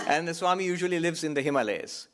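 A man's voice: on the high side, a bit bright. Reflective male spiritual teacher. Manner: reflective, repeats key phrases for emphasis. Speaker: monk and Vedanta teacher. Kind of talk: spiritual talk.

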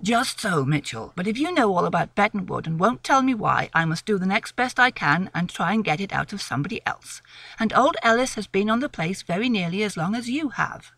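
Well-spoken young gentleman, persistent and coaxing, dry close read by a woman. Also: medium pitch, animated, brisk, no room sound, pitched below the performer's own voice.

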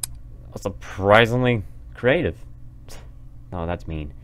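A man's voice: on the low side, lively intonation, slow, fairly bright tone. A man giving casual gameplay commentary, chatting, laughing and talking at the game. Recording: noisy compressed recording.

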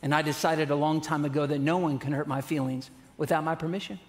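A man voicing a wise, calm old grandmother who speaks plainly and matter-of-factly. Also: a little high, fast, lightly acted. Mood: calm, firm.

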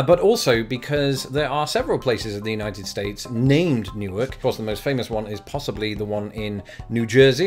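A young English man hosting a casual vlog, talking with wry, self-deprecating asides. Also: medium pitch. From England. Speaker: YouTube host.

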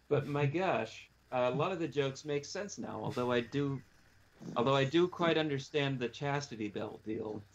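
A man's voice: mid-range voice, lo-fi sound. A man hosting a casual movie chat, rambling and teasing with many restarts. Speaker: podcast host.

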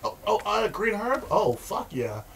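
Male let's-play host, sharp, bright voice, profane and excitable, prone to yelling. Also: sits high, unhurried, gravelly, slight background noise. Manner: profane, excitable, shouting outbursts and repetitive rants. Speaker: gaming video host.

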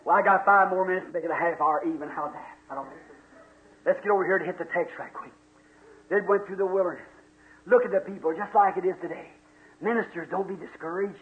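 A man's voice: sits high, quick pace. A man preaching a fiery sermon in a church, folksy and full of exclamations. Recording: tinny echoey old church tape.

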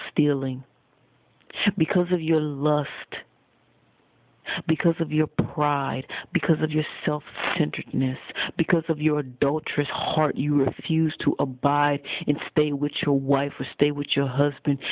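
A man preaching a sermon, addressing his listeners directly and accusingly at a deliberate pace. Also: on the high side, flat delivery, dry recording. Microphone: phone. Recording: tinny phone recording, dry.

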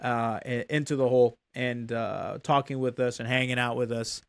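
A man's voice: mid-range voice, fairly even intonation, moderate pace, smooth, no echo. A young man hosting a casual streamed talk show, laughing often and repeating his words.

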